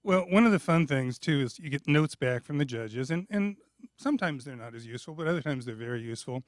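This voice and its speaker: A man with an American accent, a singer-songwriter chatting in a relaxed, humorous way about his country song. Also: mid-range voice, quick pace, dry recording. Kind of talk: spoken intro and country song with guitar.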